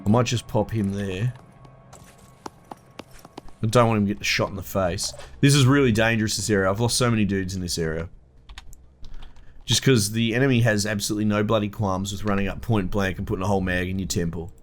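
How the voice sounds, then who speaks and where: A man's voice: on the low side, a little fast, long pauses, faint music behind. A young Australian man giving casual, swear-laden commentary while playing a strategy game, talking bluntly to the screen. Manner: swears freely, blunt and chatty, mutters to the game. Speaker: gameplay video host.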